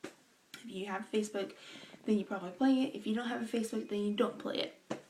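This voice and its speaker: A young woman talking earnestly to her camera in a vlog, slow and emotional, halting with sighs and restarts. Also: medium pitch, fairly even intonation, darkish tone, a little hiss or hum, rough recording. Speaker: vlogger.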